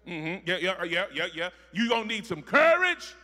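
A man preaching a sermon, repeating phrases rhythmically and building from soft talk to shouting. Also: sits high, sing-song, moderate pace, long reverb tail.

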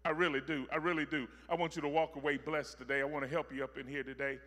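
A man preaching a sermon, repeating phrases rhythmically and building from soft talk to shouting. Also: on the high side, flat delivery, fast talker, in a large hall.

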